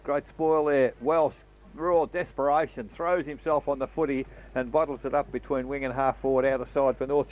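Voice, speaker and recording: A man with an Australian accent calling a local football match, talking casually and filling gaps with "uh" between plays. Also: fairly high pitch. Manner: conversational, slips in fillers between play calls. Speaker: football commentator. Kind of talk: local radio football commentary. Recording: dull lo-fi broadcast audio.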